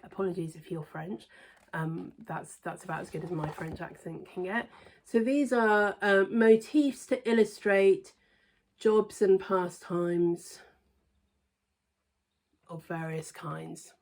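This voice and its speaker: Chatty woman with low-pitched voice. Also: steady tone, slow pace. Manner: chatty, hesitant with many ums, softens to near-whisper asides. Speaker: cross stitch vlogger. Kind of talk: casual show-and-tell review.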